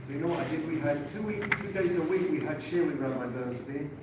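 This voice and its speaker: A man's voice: fairly high pitch, quick pace. Earnest male teacher in an echoey hall. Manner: earnest, animated, self-correcting repetitions. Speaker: teacher giving a Torah class. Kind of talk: lecture with personal storytelling. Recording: echoey room, far from mic, noisy.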